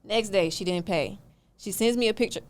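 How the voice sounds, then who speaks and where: A woman, a podcast guest telling a story in a punchy, slangy, animated way. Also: mid-range voice, moderate pace. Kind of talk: casual storytelling.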